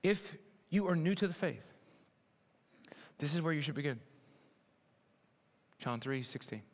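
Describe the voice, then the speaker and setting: Animated preacher man in a reverberant hall. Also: a little slow. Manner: animated, swings from loud emphatic bursts to low quiet asides. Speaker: pastor. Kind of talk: sermon.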